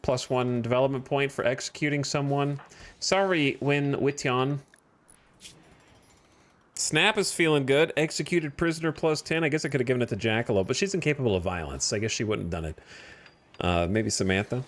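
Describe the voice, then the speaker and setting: A man's voice: medium pitch, moderate pace. A man streaming a game, chatting casually and thinking aloud about his next moves. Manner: thinks aloud while playing, chatty and easygoing. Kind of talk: casual gameplay commentary.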